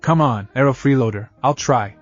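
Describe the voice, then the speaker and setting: A man's voice: mid-range voice, normal speed, faint music behind, lightly acted. Cocky boy ninja apprentice, snappy and grumbly, voiced by a male narrator in his own voice. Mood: grumbling. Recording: dull lo-fi audio.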